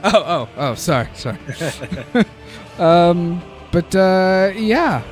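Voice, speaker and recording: A man narrating as game master of a tabletop game, halting and laughing often. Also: high voice, very animated, faint music behind.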